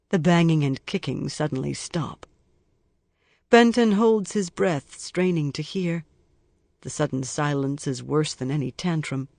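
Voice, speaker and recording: A man reading a crime novel aloud in even, measured scripted narration. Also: on the high side, vocal fry, no room sound. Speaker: audiobook narrator.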